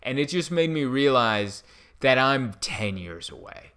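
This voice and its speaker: A man in his mid-thirties telling a story in a rambling, self-mocking way, with animated bursts. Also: medium pitch, unhurried, clean tone. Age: 30s. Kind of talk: casual storytelling monologue.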